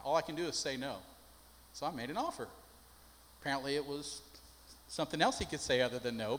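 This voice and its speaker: A man's voice: a little high, a bit bright. An older man, a pastor, preaching a sermon with folksy stories that build into emphatic preaching. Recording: long hall reverb.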